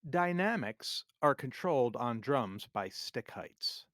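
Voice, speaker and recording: A man teaching music theory for drummers in a scripted, measured, clearly explained lesson narration. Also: medium pitch, very animated, fairly bright tone, no room sound, clean studio sound. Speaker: drum teacher.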